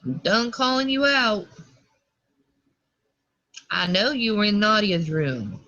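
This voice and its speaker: A woman's voice: medium pitch, sing-song, slow, bright, forceful tone. A woman from the American South with a Minnesota accent, rambling in a live video hangout and breaking off to talk to her children. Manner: scattered, talks to her children mid-stream. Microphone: video call. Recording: dull lo-fi hangout audio.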